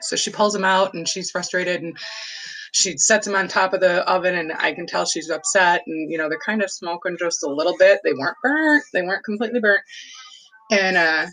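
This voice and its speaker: A woman's voice: fairly low pitch, brisk, fairly bright tone, poor audio. A woman casually telling a nostalgic family story, rambling with lots of fillers and laughs. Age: adult. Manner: fond, nostalgic recollection.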